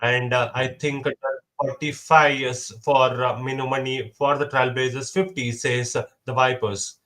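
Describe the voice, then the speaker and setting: A young man runs a casual mock auction. He keeps repeating the latest bid and calls on each side by name. He counts down briskly before every sale, at a middle pitch for a man. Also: flat delivery, fairly bright tone.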